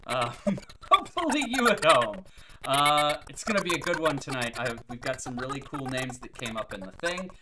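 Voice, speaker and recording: A woman's voice: extremely low pitch, normal speed, background noise. A woman hosting a live stream, chatting casually and telling corny jokes in a self-mocking way.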